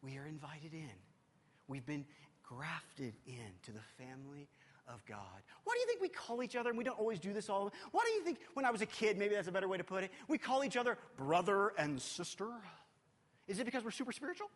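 A man preaching a sermon as a youth pastor, animated and urgent, often dropping to a hushed, intimate tone. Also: sits high, a little fast, big-room sound.

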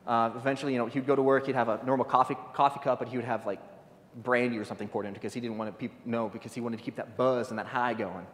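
A man's voice: mid-range voice, fairly even intonation, rapid-fire, a bit bright. A man giving an informal guest sermon, talking off the cuff with many stumbles, repeated words and restarts. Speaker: guest speaker. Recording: long hall reverb.

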